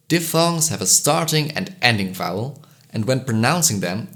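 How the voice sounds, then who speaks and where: A man giving a scripted educational voice-over, explaining pronunciation clearly and slowly sounding out example vowels. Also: mid-range voice, a bit bright. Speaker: language educator.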